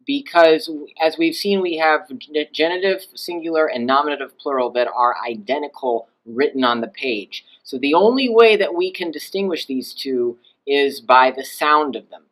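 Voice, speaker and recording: A man's voice: moderate pace, hardly any pauses, a bit bright, low-quality recording. Man teaching a lesson with demonstrated examples. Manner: explains patiently, demonstrates pitch by voicing example phrases. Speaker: language teacher. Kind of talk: recorded lecture over slides.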